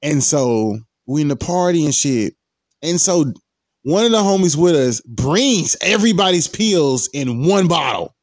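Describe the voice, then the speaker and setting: A young man in his twenties telling a story in a casual, animated way, full of profanity and slang. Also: a little high, a little slow, no room sound, studio quality.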